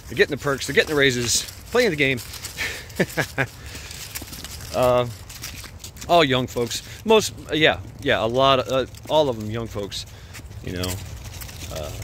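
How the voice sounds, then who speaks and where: A man's voice: medium pitch, a bit bright, a little hiss or hum. A man vlogging while walking his dog outdoors at night, telling a story in a rambling way with lots of fillers and restarts.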